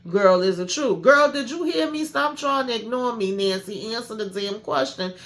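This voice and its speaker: A woman putting on a pushy gossip who scolds her friend, loud and pitched high. She hammers the same question and scolds without pause. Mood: scolding.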